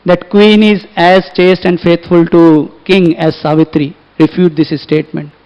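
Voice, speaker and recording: A man's voice: a little high, flat delivery, a little slow, clean tone. A man with an Indian English accent preaching a storytelling sermon in a temple hall, animatedly acting out the dialogue. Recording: echoey hall, dull lo-fi recording.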